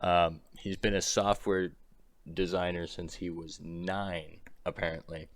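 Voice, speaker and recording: A man in his twenties giving sarcastic casual commentary, halting with frequent ums. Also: deep voice, flat delivery, no echo. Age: 20s. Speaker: streamer.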